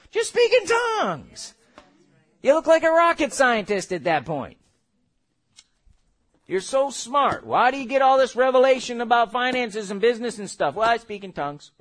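Male preacher, high voice, lively sermon delivery, acts out little scenes. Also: moderate pace. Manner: animated, acts out quotes, laughs.

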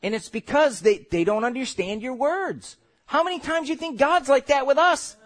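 A man preaching a sermon, animated, acting out voices and laughing as he goes. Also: very high voice, moderate pace. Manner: animated, acts out quotes, laughs.

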